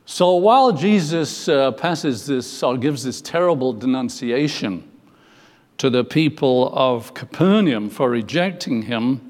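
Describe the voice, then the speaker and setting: A man's voice: mid-range voice, lively intonation, unhurried, darkish tone, in a large hall. A man preaching a sermon, explaining scripture with emphatic quotations and some hesitant fillers.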